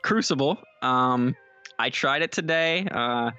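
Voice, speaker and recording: A man co-hosting a casual podcast, chatty and quick, with lots of fillers and asides. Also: mid-range voice, pushed and bright, clean tone, dull audio. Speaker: podcast co-host. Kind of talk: casual chat.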